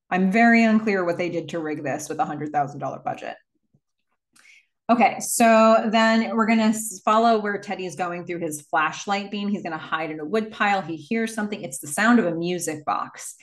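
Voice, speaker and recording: A woman hosting a casual movie recap and telling the plot in a chatty way, with many fillers. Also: fairly low pitch. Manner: chatty, filler-heavy storytelling.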